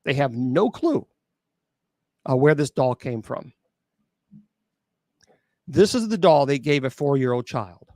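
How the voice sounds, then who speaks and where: A man, a bishop and exorcist, telling a spooky true story at an open mic, halting with restarts and incredulous asides. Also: mid-range voice, lively intonation, mellow, dry recording, clean studio sound. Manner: halting, with many restarts and fillers.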